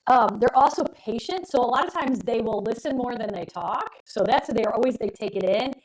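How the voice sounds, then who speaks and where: A woman's voice: fairly high pitch, expressive, moderate pace, poor audio. Chatty middle-aged woman astrologer. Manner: chatty, rambling, emphatic. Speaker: astrologer co-host. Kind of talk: casual live-stream chat.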